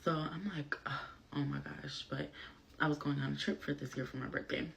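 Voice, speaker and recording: A woman vlogger telling a story casually while getting ready, animated and profane, full of fillers. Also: deep voice, a little fast, gravelly.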